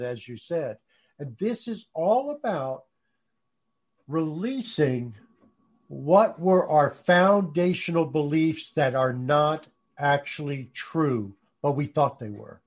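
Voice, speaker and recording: A man talking earnestly about spiritual growth, dropping low and soft for emphasis. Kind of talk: conversational storytelling.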